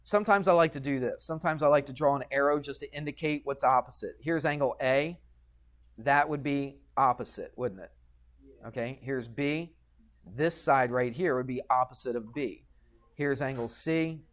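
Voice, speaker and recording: A man's voice: mid-range voice, normal speed. A man teaching a geometry lesson in a classroom, patient and chatty, often checking in with the students. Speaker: high school math teacher.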